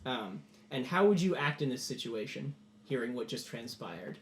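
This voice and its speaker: A man's voice: medium pitch, expressive, normal speed, reverberant, a little hiss or hum. A man narrating a tabletop game as game master, rambling loosely with many fillers.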